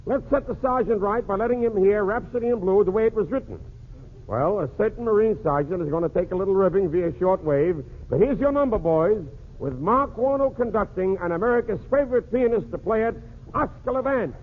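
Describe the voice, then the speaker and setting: A man's voice: high-pitched, lively intonation, fairly quick. A man hosting a 1940s radio comedy show, cracking jokes through a one-sided phone call. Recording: tinny old radio broadcast with faint hiss.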